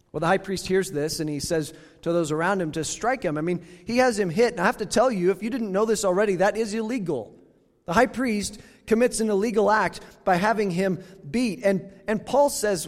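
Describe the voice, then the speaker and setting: A man's voice: high-pitched, expressive, normal speed, long reverb tail. A man preaching a sermon in a conversational way, reading scripture aloud with emphasis. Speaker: pastor.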